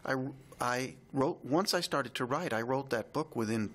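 A man co-hosting a podcast, telling a heartfelt personal story in a reflective, halting way. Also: mid-range voice, a bit bright. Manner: reflective, halting, emotional retelling.

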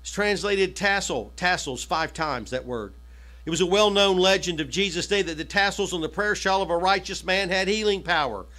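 A male pastor preaching a sermon in a conversational style, swinging from emphatic high peaks down to quiet asides. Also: moderate pace. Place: church hall.

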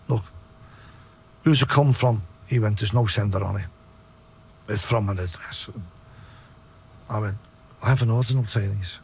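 In a gravelly voice with a little hiss or hum on the recording, a middle-aged Liverpudlian podcast guest recounts his story. Blunt and sweary, he keeps his retelling low-voiced, and his Liverpool accent is clear.

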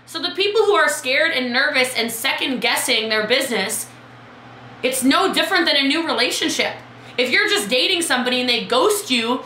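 A woman coaching her team on a live video, chatty and lively, calling out viewers by name. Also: high voice, brisk, roomy sound, slight background noise, low-quality recording. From Texas. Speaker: business coach.

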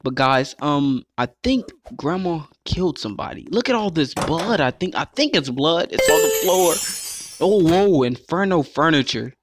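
A man with a slightly high voice giving let's play commentary. He sounds excitable and keeps talking straight to his viewers as he plays. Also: moderate pace, over music. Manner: excitable, calls himself "your boy", keeps addressing viewers as guys. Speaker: gaming YouTuber.

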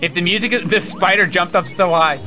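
A man commentating his own gameplay as host, frantic and yelling at the game, with game music behind him. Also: high-pitched, fairly quick.

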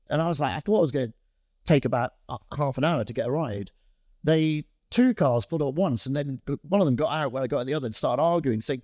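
A man's voice: on the high side, dry recording, studio quality. Rambling storyteller man in his fifties. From Scotland. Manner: rambling, lively storyteller with many fillers and restarts. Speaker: guest, fashion brand founder. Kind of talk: anecdotal interview storytelling.

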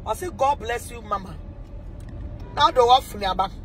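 A woman with a Ghanaian accent hosting a casual livestream, animated and teasing, pleading with viewers and swinging between laughter and mock crying. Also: on the high side, moderate pace, a little hiss or hum. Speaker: livestream host asking viewers for money.

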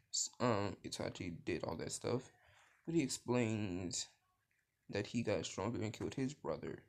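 A man's voice: on the low side, gravelly. A man casually retelling a fan story he made up, rambling, losing his thread and swearing now and then.

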